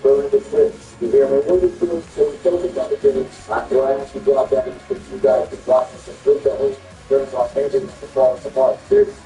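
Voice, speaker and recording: A man giving confrontational gameplay commentary with trash talk and swearing, swinging between squeaky and low tones. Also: warm tone, recorded from a distance. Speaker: gaming video host. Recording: echoey room, away from the mic, music behind.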